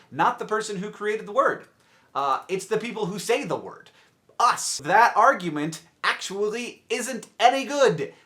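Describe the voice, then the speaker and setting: Young man, just woken up, bright, lively pitch, rambling asides, casual explainer to camera. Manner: animated, rambling, self-interrupting with asides. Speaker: vlogger.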